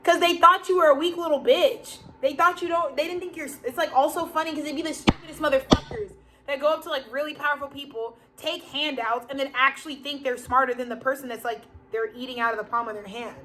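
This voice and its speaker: A woman's voice: sits high, steady tone, fast, noisy background. A woman giving a rambling, profane spoken tarot reading, laughing often and acting out the people she quotes. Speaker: tarot reader.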